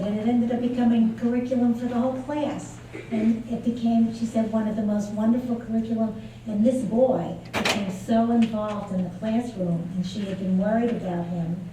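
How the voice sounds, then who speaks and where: Woman keynote speaker, warm and mellow, chatty lecture style, picked up from afar in a very roomy hall. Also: fairly high pitch. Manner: conversational storytelling, frequent fillers. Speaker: keynote speaker on early childhood play. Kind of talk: conference lecture. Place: large lecture venue. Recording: echoey hall from far off, faint noise.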